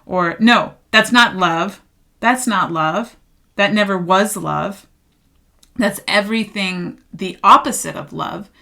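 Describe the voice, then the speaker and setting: A woman's voice: mid-range voice, slow, gravelly, pushed and bright. A woman reading tarot cards for her viewers in a loose, chatty way. She talks emphatically, circles back to repeat her phrases and laughs often as she goes. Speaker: tarot card reader.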